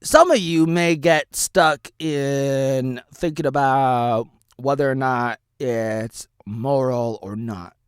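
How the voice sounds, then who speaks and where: A man in his thirties from Oregon hosting a rambling solo vlog, jumping between wild shouted bursts and low mumbled asides. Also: slow pace, clear, resonant tone, no echo. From Oregon, United States. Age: 30s. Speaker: vlogger host.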